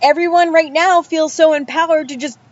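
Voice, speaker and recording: Woman, blunt podcast host, high voice, muffled outdoor recording. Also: steady tone, moderate pace, no room sound. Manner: blunt, swears freely. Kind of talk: casual chat. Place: outdoors by a pool.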